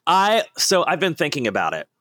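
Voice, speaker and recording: A man co-hosting a casual podcast chat, excitable and quick to break into impressions. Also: fairly high pitch, no room sound. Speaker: podcast co-host.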